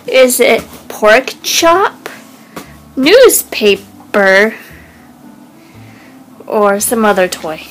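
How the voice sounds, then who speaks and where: A woman hosts a cheerful home pet vlog, putting playful questions to her dogs. She talks slowly in a high, swooping, sing-song baby-talk voice, with faint noise behind her. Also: animated, poor audio. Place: home room with an ottoman.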